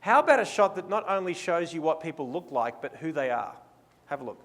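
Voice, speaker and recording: A man's voice: a little high, animated, a little fast, long reverb tail, crowd noise. An Australian man presenting a photography seminar in a casual, enthusiastic, playful way, mixing talk with live posing directions.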